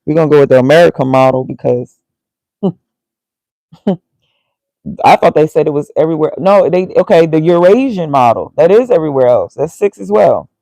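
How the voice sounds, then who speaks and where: A man's voice: on the high side, lively intonation, fairly quick, gravelly, pauses often, dark tone, no room sound, poor audio. A man casually thinking aloud as he reads, muttering and reacting to himself. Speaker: vlogger.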